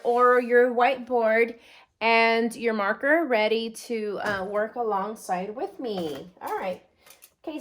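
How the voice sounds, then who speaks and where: Slow-paced encouraging first grade teacher. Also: female voice, on the high side. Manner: slow, drilled repetition of sounds for children; encouraging classroom talk. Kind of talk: remote phonics lesson.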